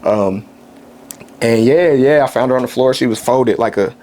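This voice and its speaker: A man from Kansas City speaks as a podcast guest in a casual conversation. His pitch sits in the middle of the range. He talks softly and candidly, often pausing and restarting his sentences. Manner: soft-spoken, candid, halting with many restarts. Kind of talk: casual chat, personal storytelling.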